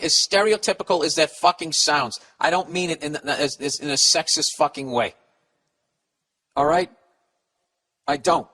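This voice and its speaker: Guy ranting on his podcast, cussing a lot, bit of a higher voice, rambly advice. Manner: profane, blunt, rambling, animated; reads listener letters aloud, stumbling. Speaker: podcast host giving advice. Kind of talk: casual comedic advice rant.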